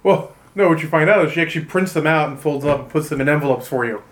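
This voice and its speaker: A woman running a tabletop game, bantering in a lively way and making puns. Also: sits low, racing. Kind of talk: casual tabletop game chat.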